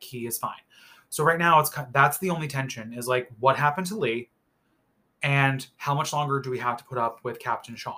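A man's voice: medium pitch, bright, forceful tone. A man giving a casual, opinionated recap of a reality show, rambling with lots of filler words and swearing freely.

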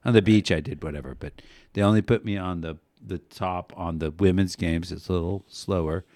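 Man, deep voice, casual sports chat, rambling, profane, animated in stories, dry sound. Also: brisk, no room sound. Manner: rambling storyteller, swears, animated when recounting yelling. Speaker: podcast co-host.

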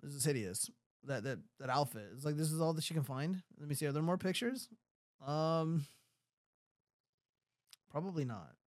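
A man's voice: fairly high pitch, normal speed, long pauses, dry recording, clean studio sound. A man hosting a crude comedic podcast, reading comments aloud and mocking them in casual banter. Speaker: show host.

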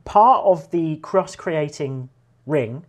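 A young woman in casual chat over a video call, jokey, with quick asides. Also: sits low, lively intonation. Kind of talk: casual chat, interviewing a friend.

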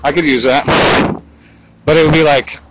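A man's voice: on the high side, fairly even intonation, moderate pace. Rambling man vlogging outdoors, noisy. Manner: rambling, crude, muttering asides, sings snatches. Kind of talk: rambling monologue vlog.

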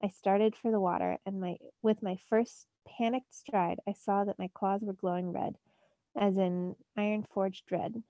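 A woman's voice: mid-range voice, fairly even intonation, a little slow, warm tone, no room sound, lo-fi sound. A teacher reading a novel aloud to her students, narrating expressively in the first person. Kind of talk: storybook read-aloud.

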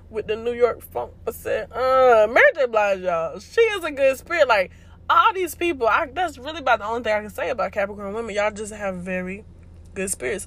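A woman's voice: on the high side, a bit bright. A young woman hosting a casual solo podcast, chatty and slangy, laughing and joking as she talks. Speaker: podcast host.

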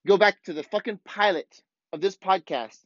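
A man with a high-sitting voice hosts his podcast at a moderate pace, in a dry recording with the highs cut off. He delivers a casual monologue as a blunt, profane, fired-up rant.

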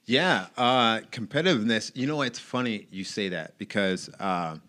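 A man's voice: on the low side, lively intonation, normal speed, pushed and bright. A man in a casual podcast conversation, telling stories animatedly and acting out the voices of the people he quotes. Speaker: guest.

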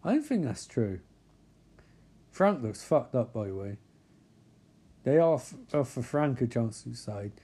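A man narrating a comedic recap of a TV episode with deadpan, mocking, profane asides. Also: medium pitch, unhurried, pauses often, breathy edge.

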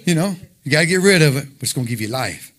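A man's voice: a little high, animated, racing, a bit bright. A man preaching an informal sermon, conversational and emphatic, full of rhetorical questions.

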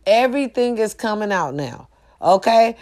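A middle-aged woman, delivering a fiery, profane monologue that climbs to shouts. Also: mid-range voice, expressive, normal speed. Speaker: social media host. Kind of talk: impassioned monologue.

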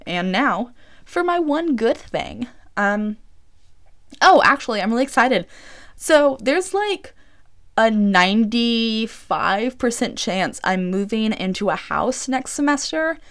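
A woman of about twenty hosts her own podcast from the small room she records in, chatting casually and rambling with heavy use of "like." Her voice is a little high and fairly bright, with big pitch swings and a slow pace.

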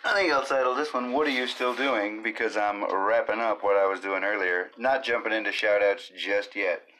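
Low-voiced man rambling on his podcast. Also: normal speed, sharp tone. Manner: rambling, jokey, jumps between silly voices and asides. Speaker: podcast host. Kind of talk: unscripted rambling solo podcast.

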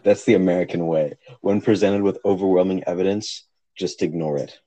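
A man's voice: low voice, steady tone, a little fast, mellow, rough recording. A young man co-hosting a casual podcast, joking and swearing, laughing often, talking on a phone. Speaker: podcast co-host. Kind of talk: casual chat.

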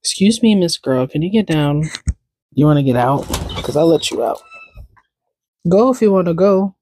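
A woman's voice: on the low side, animated, moderate pace, dark tone, slightly rough. A woman hosting a casual solo podcast, rambling chattily and stopping to talk to her cat. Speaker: podcast host.

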